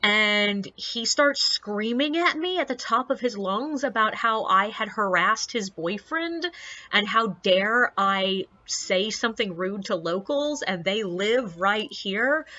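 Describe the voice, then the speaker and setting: A woman with a bright, forceful voice tells stories from her work as a ghost tour guide. She is chatty and candid, with a sarcastic edge. The recording sounds slightly dull and lo-fi. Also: mid-range voice. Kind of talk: casual personal storytelling.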